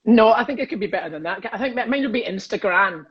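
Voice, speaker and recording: A man's voice: high voice, lively intonation, quick pace, dull audio, heavy background noise. Cheeky Scottish man in his fifties. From Scotland. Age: 50s. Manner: cheeky, rambling, laughs at his own jokes. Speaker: comedian guest. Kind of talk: casual livestream chat.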